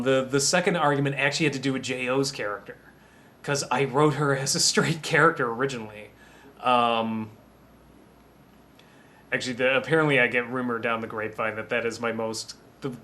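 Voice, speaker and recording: A man recording a commentary track about writing a film, rambling and anecdotal, often restarting his sentences and pausing to sip water. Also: mid-range voice, pushed and bright. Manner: drinks water between remarks. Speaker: writer giving a film commentary.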